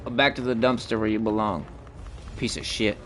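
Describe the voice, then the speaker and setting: A man's voice: fairly low pitch, fairly even intonation, moderate pace, a bit bright, soft background music. Foul-mouthed man streaming a game. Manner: profane trash talk at opponents, chatty with viewers. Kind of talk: live gaming stream commentary.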